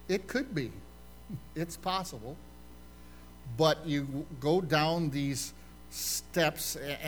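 A man's voice: mid-range voice, a bit bright, a little hiss or hum. An older male pastor giving a conversational sermon in a church, often stopping to put questions to his listeners. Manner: quizzes the congregation with questions.

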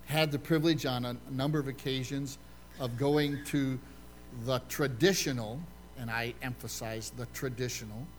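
A man's voice: medium pitch, a bit bright, slight background noise. An older male pastor giving a conversational sermon in a church, often stopping to put questions to his listeners. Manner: quizzes the congregation with questions.

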